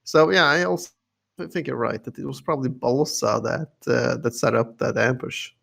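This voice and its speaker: A man's voice: medium pitch, normal speed, vocal fry, a bit bright. A man co-hosting a podcast in casual chat, rambling and laughing between points. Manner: rambling, many fillers and restarts, laughs often. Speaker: podcast co-host.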